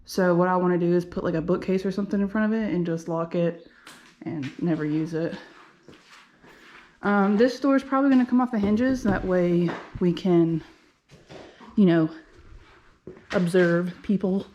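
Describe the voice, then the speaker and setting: Chatty woman, mellow voice. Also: lowish voice, moderate pace, long pauses, lo-fi sound, slight background noise. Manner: chatty, upbeat, thinking aloud. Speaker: vlogger and game lounge owner. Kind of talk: casual walking tour. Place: empty commercial unit, indoors.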